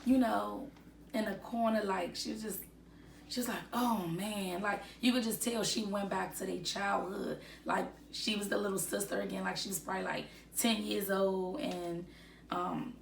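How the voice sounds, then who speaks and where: A woman's voice: medium pitch, fairly even intonation, normal speed, gravelly, roomy sound, recorded from a distance, slight background noise. A woman giving casual gossip commentary, chatty and full of fillers as she retells what others said.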